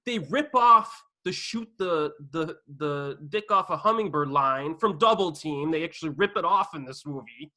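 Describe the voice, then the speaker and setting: A man with a fairly high, bright voice hosts a casual film podcast. He talks with enthusiasm, cracks jokes and slips in quick asides. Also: lively intonation. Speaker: podcast host. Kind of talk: casual movie discussion.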